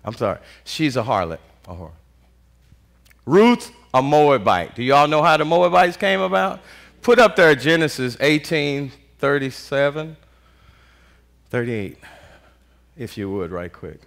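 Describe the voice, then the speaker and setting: A man preaching as pastor to his congregation, with a bright, ringing voice. His pitch leaps high and low as he calls out and waits for the response. He talks in plain, casual vernacular, full of "y'all". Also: a little slow, gravelly, long pauses. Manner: animated call-and-response preaching with frequent "Amen"; Southern US Black vernacular speech, "y'all". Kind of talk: sermon.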